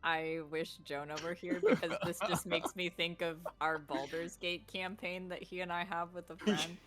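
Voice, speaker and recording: A woman's voice: fairly low pitch, fairly even intonation, normal speed, music in the background. A young woman hosting a stream, chatting and giggling as she shares a story and asks the next question. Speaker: stream host asking questions. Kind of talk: casual group chat.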